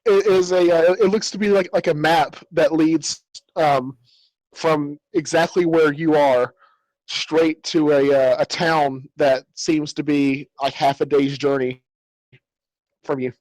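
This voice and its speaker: A man narrates a tabletop game as its game master, with a slightly raised pitch. He rambles, filling gaps with ums and circling back to restart his sentences. The sound is dry and close. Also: little pitch movement, measured pace, darkish tone, no room sound, poor audio. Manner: rambling, with many fillers and restarts.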